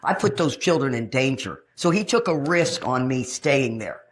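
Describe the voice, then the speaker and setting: A woman in her sixties from Texas, telling her own recovery story at a meeting in a frank, animated storytelling way with touches of humor. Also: rumbling low, normal speed. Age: 60s. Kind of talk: personal testimony at a recovery meeting. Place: meeting room.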